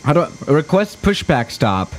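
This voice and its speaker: A man's voice: a little high, big pitch swings, moderate pace, slight background noise. Laid-back rambling male streamer. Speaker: flight sim streamer. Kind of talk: casual live-stream chat.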